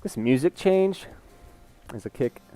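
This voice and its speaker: A man's voice: a little high, lively intonation, a little slow, dark tone, faint music behind. Rambling candid male streamer. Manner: rambling, candid, reads chat aloud. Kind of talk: casual live-stream chat.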